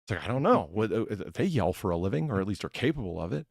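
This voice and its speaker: A man's voice: on the low side, fast talker, creaky, no echo, clean studio sound. A man hosting a casual chat, telling stories with lots of laughter and acting out bits of dialogue, swearing casually. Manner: animated storyteller, laughs often, acts out lines. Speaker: podcast host, bartender persona.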